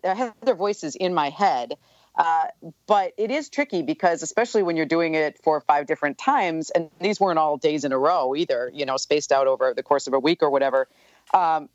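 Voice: medium pitch, animated, brisk, no room sound. Chatty interview guest, author type, lots of "you know" asides; muffled, dead-dry recording. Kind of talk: casual interview chat.

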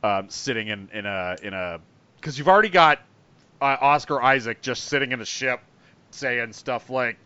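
A man co-hosting a podcast, talking casually and animatedly, swearing and doing quick impressions. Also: mid-range voice, smooth, dry recording. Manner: animated, swearing, mimics voices. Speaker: podcast co-host. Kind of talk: casual chat. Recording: muffled lo-fi audio.

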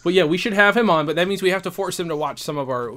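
A man's voice: sits high, very fast, fairly bright tone. A man co-hosting a comedy podcast, bantering casually, joking and laughing often with rambling asides. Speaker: podcast co-host.

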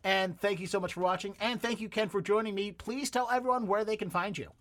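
A man's voice: high-pitched, steady tone, fast talker, a bit bright. A man hosting a casual vocabulary segment, chatty and rambling with fillers. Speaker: podcast host. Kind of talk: casual comedic chat.

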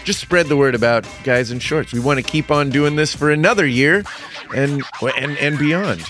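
A man hosting a podcast, with a bright, forceful voice that sits a little high. He is upbeat and laughs often as he runs through the sign-off plugs. Light music plays faintly behind him. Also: moderate pace. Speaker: podcast host. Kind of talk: casual podcast chat.

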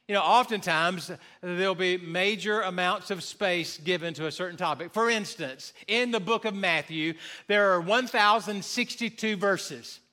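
Bright, high-voiced preaching pastor. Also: male voice. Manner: animated, joking with the congregation, slows down for emphasis. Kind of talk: sermon. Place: church sanctuary before a congregation.

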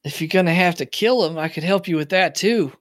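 A man's voice: sits high, brisk, natural voice. A man voicing a scrappy young boy who begs to help, stammering and eager.

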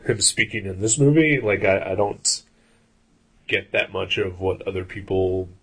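Gravelly, husky male co-host; casual film chat, halting with fillers. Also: low-pitched, fairly even intonation, a bit bright. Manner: rambling, many fillers and restarts.

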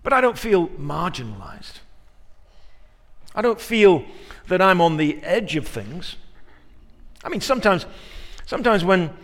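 A male pastor preaching a sermon, moving from quiet reflection to loud, emphatic peaks. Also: sits high, sing-song, measured pace, long pauses, big-room sound.

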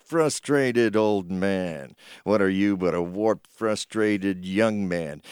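A man's voice: fairly low pitch, darkish tone, smooth, no echo, pitched below the performer's own voice. Man putting on a gloating old banker, cruel and miserly, swooping delivery, dry close sound. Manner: snarling, gloating. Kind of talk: radio comedy parody.

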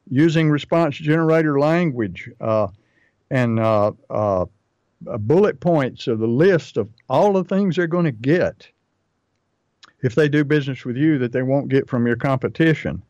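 A man's voice: medium pitch, animated, a little slow, darkish tone, no echo, dull audio. A man co-hosting a talk, giving business advice in an emphatic, repetitive way that drives each point home.

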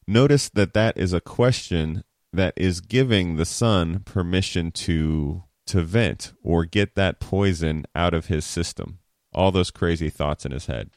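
A man's voice: low voice, unhurried, darkish tone, no room sound, studio quality. A man teaching how to ask questions in hard conversations, casual and explanatory, often checking in with the listener. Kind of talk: explaining communication skills.

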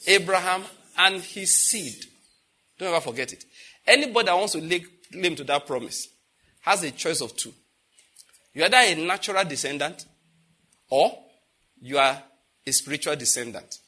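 Emphatic preacher man with a husky voice. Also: on the high side, expressive, normal speed, long pauses. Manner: emphatic, asks the congregation questions; swings from loud declarations to quiet intensity. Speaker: pastor. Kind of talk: sermon.

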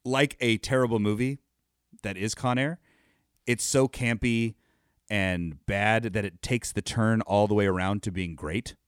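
A man's voice: lowish voice, steady tone, unhurried, clean tone, no room sound, studio quality. A man in his thirties co-hosting a casual chat, joking, laughing often and swearing. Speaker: podcast co-host.

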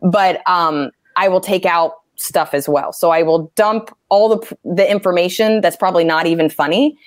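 Animated swearing comedian woman, dry mic. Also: fairly low pitch, normal speed, no room sound. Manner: animated, swears freely, acts out angry quotes. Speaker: stand-up comedian. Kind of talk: casual interview talk.

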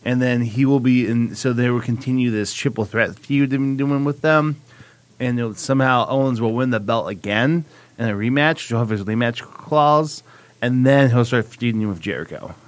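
A man's voice: medium pitch, moderate pace, dry recording. A man co-hosting a podcast, laying out his predictions at length in casual chat. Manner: speculative, talks things through at length. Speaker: podcast co-host.

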